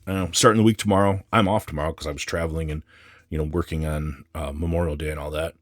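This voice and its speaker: Deep raspy guy cussing his way through an unboxing vlog, grumbly and fed up. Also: steady tone, quick pace, no room sound. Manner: profane, grumbling, exasperated. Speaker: comic collector vlogger. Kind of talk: casual ranting unboxing vlog.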